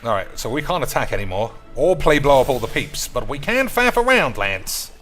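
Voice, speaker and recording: A man drawls through casual gameplay commentary, teasing his viewers as boys and lads. His pitch swoops up and down constantly, and faint music plays beneath. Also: sing-song, normal speed, a bit bright. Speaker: streamer.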